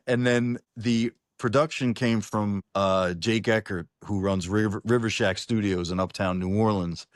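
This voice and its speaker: A man's voice: fairly low pitch, fairly even intonation, measured pace, few pauses, no echo, clean studio sound. A man talking as a singer-songwriter guest in a casual online interview, rambling and restarting his sentences, calling the host "brother". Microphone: video call.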